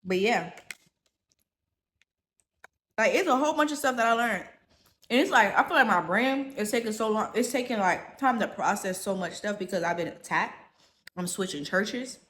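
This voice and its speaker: Young woman vlogger, mid-pitch voice, loose chatty delivery while eating. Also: animated, moderate pace, long pauses, a bit bright. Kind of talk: casual rant to camera.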